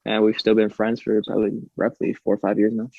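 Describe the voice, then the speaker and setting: A young man with a light Southern American twang and a fairly low voice talks loosely, stringing thoughts together with "like" and restarts. The sound is dry and a bit dull, as on a cheap podcast mic. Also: monotone, fast, vocal fry, no room sound. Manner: rambling, many fillers and restarts. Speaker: podcast co-host. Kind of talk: casual chat.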